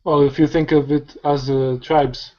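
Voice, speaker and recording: A man on an online call, chiming in with blunt, quick remarks. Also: on the high side, little pitch movement, dark tone. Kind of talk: casual online call chat. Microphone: computer mic on a video call. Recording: dull lo-fi online call audio.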